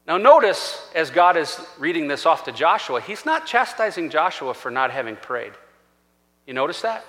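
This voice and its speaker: A man pastor preaching a sermon in a church, animated and acting out scripture voices. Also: fairly high pitch, moderate pace. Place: church sanctuary. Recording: long church-hall reverb.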